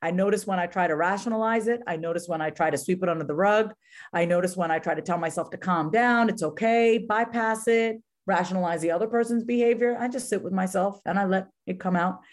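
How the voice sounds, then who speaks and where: A woman's voice: medium pitch, fairly quick. A woman in her thirties, an author talking candidly and earnestly, peppering her talk with "like" and "right?". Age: 30s. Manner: earnest, frequent "right?" and "like" fillers. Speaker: guest author.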